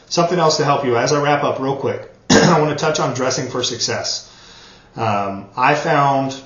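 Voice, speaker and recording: A man's voice: medium pitch, a bit bright. A man giving an earnest motivational training talk, repeating words for emphasis. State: choked up, coughing. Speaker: network marketing trainer. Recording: roomy, dull lo-fi sound.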